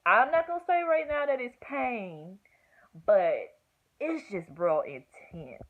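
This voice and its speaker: Animated young woman telling a story. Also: fairly high pitch, measured pace. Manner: animated, acts out quotes with groans and whispers. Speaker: vlogger. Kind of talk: casual storytelling. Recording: tinny phone-like audio with faint hiss.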